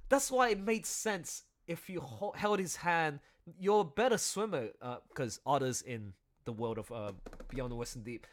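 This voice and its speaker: A man directing an audio drama, chatting excitedly on a livestream about his show and acting out lines in playful voices. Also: a little high. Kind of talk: casual livestream commentary.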